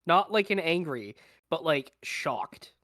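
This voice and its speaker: A man in a tabletop game, talking slowly and hesitantly. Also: on the high side, big pitch swings, fairly bright tone, no room sound, studio quality. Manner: slow, hesitant. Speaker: player. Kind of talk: casual chat at a game table.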